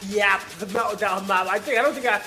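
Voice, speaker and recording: A man casting a live esports match from Nairobi, chatty and excitable, often laughing. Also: sits high. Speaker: esports caster. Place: Nairobi, Kenya.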